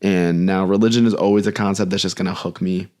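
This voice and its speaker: A man's voice: low voice, fairly even intonation, quick pace, a little mellow. A man co-hosting a movie podcast, talking in a thoughtful, earnest way in full sentences. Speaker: podcast co-host. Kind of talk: casual chat about movies.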